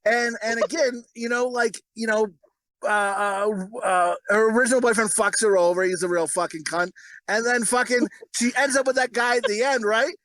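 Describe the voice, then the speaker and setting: A man hosting a podcast, crude and swearing constantly, laughing loudly in casual chat. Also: high voice, steady tone, moderate pace, no room sound, rough recording. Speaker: podcast host.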